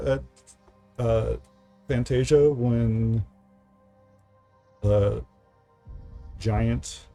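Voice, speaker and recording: A man playing a tabletop game, asking halting questions with fillers in casual chat. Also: mid-range voice, mellow.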